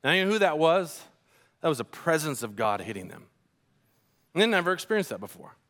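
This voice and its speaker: A man preaching a sermon as a pastor, telling stories in a conversational, animated way with casual slang. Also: mid-range voice. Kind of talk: sermon with storytelling.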